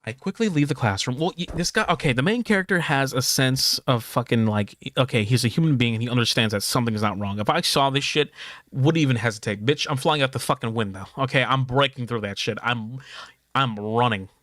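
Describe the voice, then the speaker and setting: A man streaming a game, reading its dialogue aloud and breaking off into excitable, profane reactions. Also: medium pitch, fairly quick, no echo, clean studio sound.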